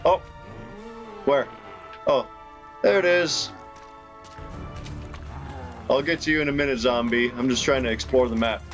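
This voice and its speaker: Slow-talking, excitable young man. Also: medium pitch. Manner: excitable, laughing, rambling reactions. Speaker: gaming YouTuber. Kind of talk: casual gameplay commentary. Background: game music.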